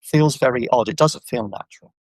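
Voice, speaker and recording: A man speaking as a podcast guest over a video call, animated and full of fillers, often acting out what others said. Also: medium pitch, a little fast, dry recording, rough recording. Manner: animated, acts out quoted voices, many fillers. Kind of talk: casual conversational discussion. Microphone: video call microphone.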